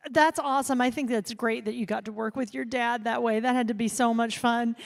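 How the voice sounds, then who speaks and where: A woman's voice: on the high side, fairly even intonation, brisk, creaky. A woman who is a benefit auctioneer, hosting an upbeat casual interview at a convention. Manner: upbeat, enthusiastic.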